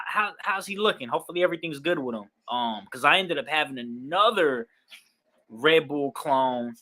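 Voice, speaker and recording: A man's voice: mid-range voice, pushed and bright. Laid-back rambling man on a livestream. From Queens, New York. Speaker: dog breeder livestreaming a raffle. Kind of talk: casual livestream chat.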